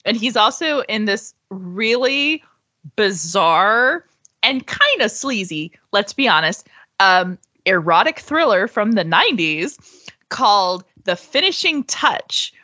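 Bright-voiced woman from Florida, chatty podcast guest who rambles with fillers. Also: mid-range voice, big pitch swings, slow pace. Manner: chatty, many fillers and restarts. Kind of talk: casual chat.

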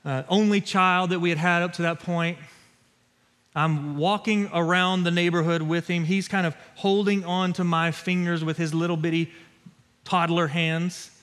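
A man's voice: high-pitched, steady tone, normal speed, fairly bright tone. A man in his thirties preaching a sermon as a pastor, earnest storytelling with emphatic repetition, in a church sanctuary. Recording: long church reverb.

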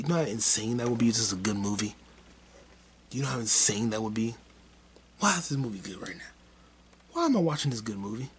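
A man's voice: medium pitch, expressive, brisk, pauses often, crowd noise. A man hosting his own podcast, rambling through a casual solo monologue in a crude, heated way and mocking people with repeated put-downs. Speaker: podcast host.

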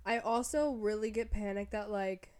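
Young female co-host, mid-pitched voice, chatty and laughing. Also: steady tone, normal speed, crowd noise. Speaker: podcast co-host. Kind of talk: casual chat.

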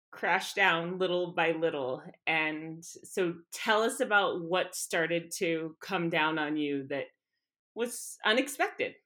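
A woman hosts a podcast interview, prompting her guest and affirming her often. Her voice is bright and forceful. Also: on the high side. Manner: encouraging, frequent affirmations. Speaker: podcast host. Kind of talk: conversational interview.

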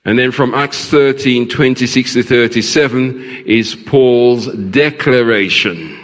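A man delivering a sermon at a measured, unhurried pace, often turning to the congregation with questions. His voice carries a long reverb from a large church hall. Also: medium pitch. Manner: preaching, asks the congregation questions. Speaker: pastor.

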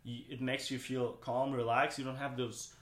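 A man's voice: medium pitch, flat delivery, moderate pace, fairly bright tone, reverberant. A man, a guest on a podcast, chatting casually and rambling with many restarts. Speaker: podcast guest, brand co-founder. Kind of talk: casual interview chat.

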